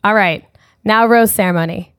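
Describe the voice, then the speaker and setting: Woman, podcast co-host, casual and chatty, mid pitch, dry close sound. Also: moderate pace, a bit bright, clean tone, no room sound. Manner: chatty, lots of fillers and quoted asides. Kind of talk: casual recap chat.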